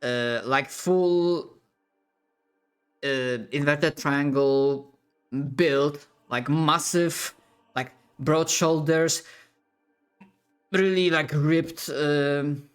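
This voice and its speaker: A man narrating a tabletop role-playing scene as game master, halting and full of fillers. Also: a little high, fairly even intonation, clear, resonant tone, soft background music. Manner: slow, halting, with many fillers.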